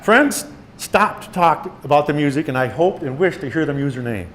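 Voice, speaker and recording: Reading memoir stories to an audience in a meeting room, a sixty-something author brings the quoted lines to life with animated voices. He speaks at a moderate pace in a fairly high pitch, and a little hiss or hum can be heard.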